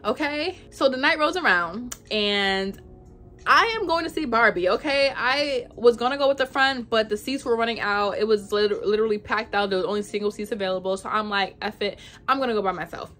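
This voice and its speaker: A young woman vlogger telling a storytime in casual, animated chat, full of "like". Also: fairly high pitch, fairly quick, soft background music. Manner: chatty, animated, says "like" a lot.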